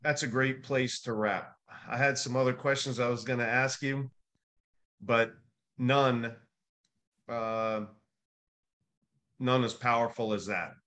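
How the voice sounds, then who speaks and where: A man hosting a podcast who wraps up the interview in a measured, appreciative way. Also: mid-range voice, fairly bright tone. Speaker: podcast host. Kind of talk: podcast wrap-up.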